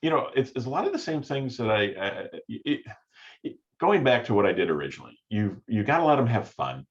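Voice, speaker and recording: A man's voice: mid-range voice, very animated, a little fast. A man, a sales professor, telling classroom stories in a conversational interview and acting out his students' voices. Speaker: sales professor and podcast guest. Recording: dull, lo-fi audio.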